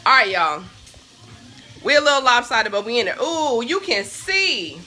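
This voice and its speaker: Chatty young woman, higher voice with a bright edge, livestreaming from her kitchen on a phone, bacon sizzling and faint music behind. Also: very animated, measured pace. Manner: chatty, talks straight to viewers, sidetracked easily. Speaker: cooking show host. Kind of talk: live-stream cooking chat. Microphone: phone on a stand.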